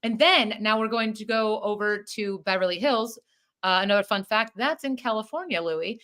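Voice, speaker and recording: Chatty woman podcast co-host, bright clear voice, rambling delivery full of fillers, casual banter. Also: medium pitch, normal speed. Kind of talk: casual chat.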